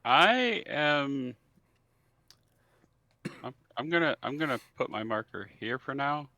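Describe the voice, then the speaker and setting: Player, man, bright forceful tone, hesitant, dry dull mic. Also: medium pitch, lively intonation, takes it slowly, no echo. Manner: hesitant, lots of restarts. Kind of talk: casual tabletop game play.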